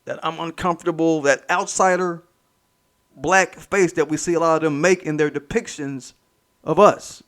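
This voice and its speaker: A man's voice: fairly high pitch, steady tone, normal speed, fairly bright tone. A man hosting his own commentary channel, ranting in a heated, mocking, profane way and repeating points for emphasis.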